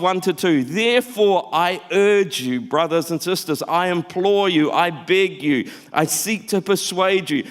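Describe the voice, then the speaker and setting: A man preaching a sermon as pastor, telling stories in an animated, conversational way. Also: high voice. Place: church auditorium. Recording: church hall reverb.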